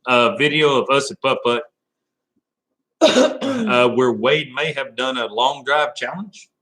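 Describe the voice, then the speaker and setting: A man's voice: mid-range voice, expressive, slow, fairly bright tone, poor audio. A man hosting a casual live stream, rambling and laughing as he talks to viewers by name.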